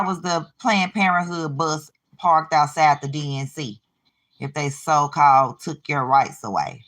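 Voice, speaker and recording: A woman with a low voice hosts a casual reaction video. She reads items aloud and talks back to the clips she plays, with dry sarcasm. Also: normal speed, a bit bright. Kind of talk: casual commentary on news clips.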